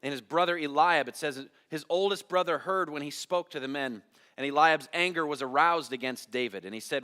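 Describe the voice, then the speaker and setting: A brisk man with a pushed, bright voice on the high side preaches a sermon as pastor. Inside a church sanctuary, with long hall reverb on the recording, he dramatizes a Bible story, gives voice to its characters, and puts questions to the congregation.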